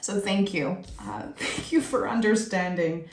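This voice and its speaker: Woman, French accent, native French speaker, tarot reader, slow and reflective, echoey room. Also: medium pitch. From France. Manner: giggly, talks with many restarts. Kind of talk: soulful tarot reading.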